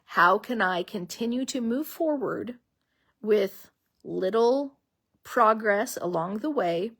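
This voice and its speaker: A woman's voice: medium pitch, animated, slow, fairly bright tone. A middle-aged woman coaching preschool owners in a heartfelt, rambling motivational talk full of fillers.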